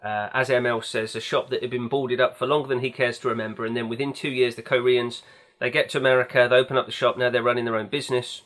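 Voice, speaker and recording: A man's voice: mid-range voice, flat delivery, fast talker, fairly bright tone. Rambling, enthusiastic man talking films. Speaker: podcast host. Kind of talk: casual film chat.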